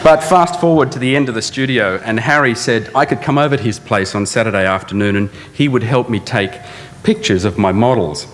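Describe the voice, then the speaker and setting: In a big lecture theatre, a middle-aged male architect introduces a speaker at a fairly quick clip, his pitch medium. He tells dry, anecdotal stories and now and then slips into an accent, with long hall reverb and a faint hum audible.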